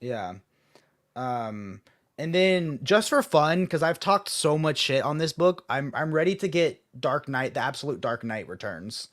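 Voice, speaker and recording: Chatty man, higher-pitched. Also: lively intonation, measured pace, a bit bright. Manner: chatty, laughs often, lots of fillers. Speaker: podcast host. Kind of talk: casual chat about comics.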